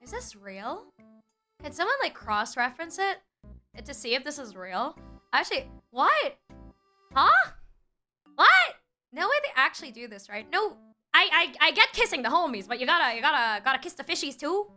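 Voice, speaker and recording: A woman's voice: high voice, sing-song, normal speed, pushed and bright, faint music behind. A woman streamer reacting to a video with exclamations, swearing and incredulous questions. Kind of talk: casual livestream reaction.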